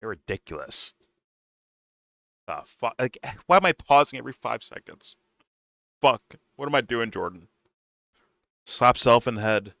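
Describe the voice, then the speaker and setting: A man with a bright, edgy voice ranting in a profane reaction commentary. He mocks and swears freely, swinging between muttered asides and loud outbursts. His mic sounds dry and close. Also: mid-range voice, normal speed, vocal fry, long pauses, dry recording. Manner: animated, loud, swearing, mocking, rants. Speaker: reaction stream host.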